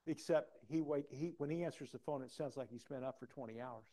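A man preaching a personal testimony, acting out dialogue and swinging from soft to loud. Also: medium pitch, brisk. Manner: animated, acts out dialogue, big swings in loudness. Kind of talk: sermon storytelling.

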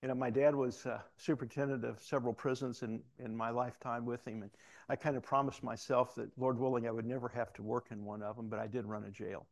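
A man's voice: medium pitch, flat delivery, fast talker, gravelly. Middle-aged man, folksy lay preacher, tells stories conversationally, plays both sides of the talk. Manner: conversational, folksy storytelling, acts out dialogue. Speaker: former sheriff giving a church talk. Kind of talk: sermon with storytelling.

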